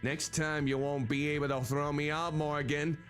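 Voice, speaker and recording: A man voicing a sneering, slick former rock guitarist villain in a deep, hushed tone. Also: flat delivery, normal speed, soft background music, close to an everyday voice. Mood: contemptuous.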